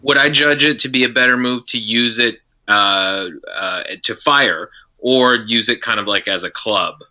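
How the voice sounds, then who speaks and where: Casting note: male tabletop player, very bright and forward tone, unsure and questioning. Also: mid-range voice, a little slow. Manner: hesitant, asking questions about the rules. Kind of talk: playing a tabletop game.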